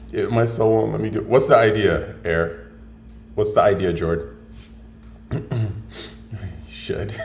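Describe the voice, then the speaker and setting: A man hosts a casual livestream, rambling and musing aloud with many fillers as he answers viewer comments. His voice is low and darkish in tone. The recording has a roomy echo and a little hiss or hum.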